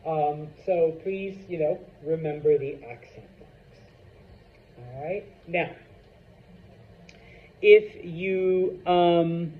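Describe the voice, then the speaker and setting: A man teaching a Spanish class in a classroom, unhurried and checking in often with the students. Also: a little high, distant mic. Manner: unhurried, many fillers and check-ins. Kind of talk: classroom lecture. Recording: roomy lo-fi classroom recording from afar.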